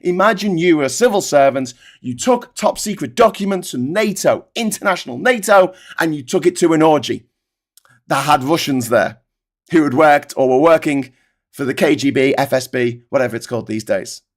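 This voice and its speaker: A man's voice: a little high, lively intonation, moderate pace. A man hosting a political livestream, ranting angrily and sarcastically with plenty of swearing.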